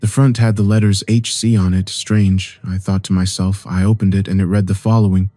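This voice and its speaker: A man narrating a first-person horror story in a calm, steady telling. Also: low-pitched, a little fast, no room sound, faint music behind.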